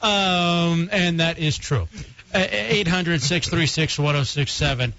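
Bright-voiced boastful radio host man. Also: fairly high pitch, measured pace. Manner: boastful, mock-arrogant teasing. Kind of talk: casual radio banter. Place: radio studio. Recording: dull lo-fi radio broadcast with faint music.

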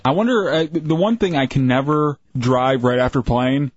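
A man chats in a relaxed, agreeable way as a radio co-host. He sits at a middle pitch. The recording is dry and lo-fi. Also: moderate pace, no echo. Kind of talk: casual radio banter.

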